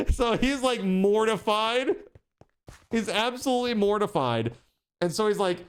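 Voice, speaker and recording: Guy streaming a game, chatty and laughy, voice sits a bit high. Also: sing-song, a little slow, clear, resonant tone. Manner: laughs often while telling stories, reads chat aloud. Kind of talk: casual gaming stream chat.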